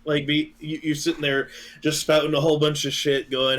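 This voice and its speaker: A man co-hosting a podcast in casual chat, naturally loud, laughing often and acting out voices as he retells a skit. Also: fairly high pitch, flat delivery, normal speed. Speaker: podcast co-host.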